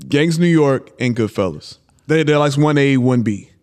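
A man's voice: mid-range voice, moderate pace, a little mellow, clean tone. A man hosting a podcast, talking in a laid-back, casual way with lots of "yeah, man". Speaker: podcast host. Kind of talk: casual chat.

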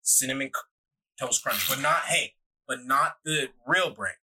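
Bright-voiced young man, laid-back banter. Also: mid-range voice, a little slow, breathy edge. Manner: laid-back, joking, swearing. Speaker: podcast co-host. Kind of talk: casual chat.

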